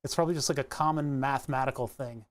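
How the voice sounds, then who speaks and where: Unhurried streamer thinking aloud. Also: mid-range voice, steady tone. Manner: muttering to self, frequent self-corrections; unhurried, trailing off mid-sentence. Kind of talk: relaxed think-aloud livestream narration.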